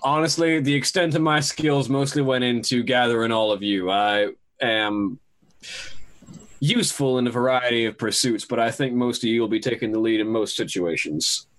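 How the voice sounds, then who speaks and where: A man narrating a tabletop role-play as game master, introducing characters in a laid-back, halting way. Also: mid-range voice, fairly bright tone.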